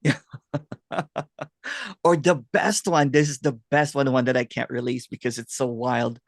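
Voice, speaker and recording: A man talking through a video call, his voice dry and close with no room sound around it. He tells stories in an animated way and laughs often, hosting a relaxed chat. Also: medium pitch, normal speed, gravelly, no room sound. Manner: laughs a lot, animated storytelling. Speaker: host, non-duality guide.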